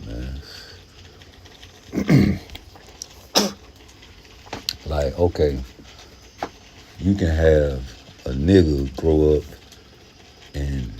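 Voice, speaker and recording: A man's voice: very deep voice, background noise. A man ranting casually and profanely about boxing, rambling as he goes. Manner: profane, rambling, slips into mocking put-on voices. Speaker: boxing commentator. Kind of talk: casual rant to camera.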